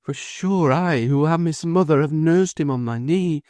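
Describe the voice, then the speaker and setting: Male narrator doing high-pitched elderly mother, choked pleading voice, old-fashioned storybook voice. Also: a little slow, warm tone, dry recording. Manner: choking, pleading, broken with emotion. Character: elderly grieving mother pleading for her son.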